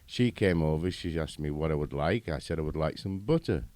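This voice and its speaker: Deep-voiced British man telling stories. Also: brisk, no echo. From Britain. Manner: chatty storyteller, animated anecdotes. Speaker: interview guest. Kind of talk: casual interview chat.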